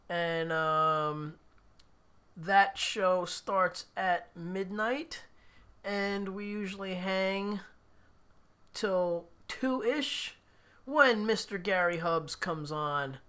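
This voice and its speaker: Male stream host, casual chatter, unhurried delivery, bright timbre, frequent laughs. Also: high voice, clear, resonant tone. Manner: chatty, laughs often, reads viewer comments. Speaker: livestream host. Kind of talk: casual chat.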